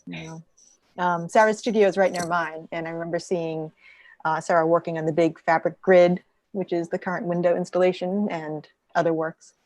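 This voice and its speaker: A woman artist on a video call, talking warmly with a fellow artist and asking about her process. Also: fairly low pitch, fairly even intonation, moderate pace, dry recording. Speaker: fellow artist and conversation partner. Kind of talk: casual artist conversation.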